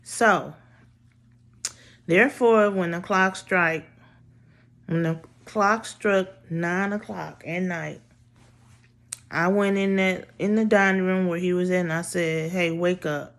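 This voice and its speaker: A woman's voice: on the low side, fairly even intonation, takes it slowly, long pauses. A woman casually telling a personal story in a blunt, profane, exasperated way.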